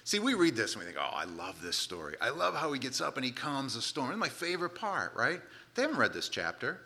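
A man's voice: fairly high pitch, wildly swooping pitch, fast, vocal fry, bright, forceful tone. A man preaching a sermon, retelling a Bible story with dramatic quoted voices.

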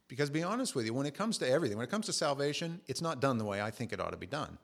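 A man's voice: medium pitch, sing-song, very fast, gravelly, hardly any pauses, a bit bright. A man preaching a sermon, earnestly explaining scripture and asking the listeners questions, with restarts and asides.

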